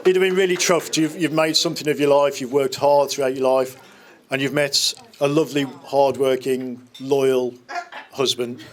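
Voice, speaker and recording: Man, fifties, mid-range voice, speaking at a wedding reception; warm-hearted jokes and memories, casual restarts. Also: mid-range voice, fairly even intonation, normal speed. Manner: fond, joking storytelling with small restarts. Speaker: wedding speaker standing in for the bride's father. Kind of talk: wedding speech.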